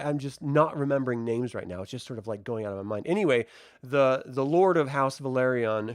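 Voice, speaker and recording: A man's voice: medium pitch, no room sound, clean studio sound. A young adult man casually reviewing a TV episode, chatty and profane, often losing track of names. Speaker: TV review host.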